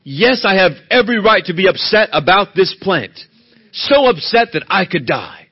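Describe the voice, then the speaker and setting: A male preacher voicing an indignant, stubborn adult prophet who protests loudly that he has every right to be angry. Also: high voice, huge pitch swings, a little slow, vocal fry, breathy edge, highs cut off, voice pushed up, exaggerated voice. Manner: loud, raised, self-pitying protest.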